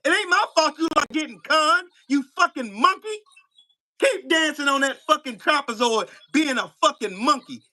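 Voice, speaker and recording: A man's voice: extremely high pitch, lively intonation, moderate pace, pushed and bright. A man hosting a live stream, taunting and trash-talking in a profane rant from his home setup.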